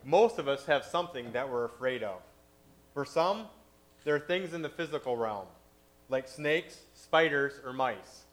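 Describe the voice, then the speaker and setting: A man's voice: mid-range voice, animated, measured pace. A man giving a sermon in a conversational way, with frequent "you know" fillers. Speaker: preacher.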